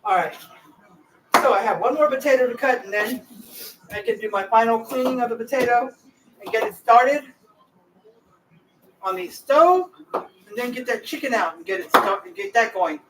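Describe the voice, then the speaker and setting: A woman's voice: fairly high pitch, animated, normal speed, long pauses, far from the mic, background noise. Rambling woman chatting while she cooks. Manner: rambling, talks straight to viewers. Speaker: home cooking vlogger. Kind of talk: casual cooking chat. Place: home kitchen.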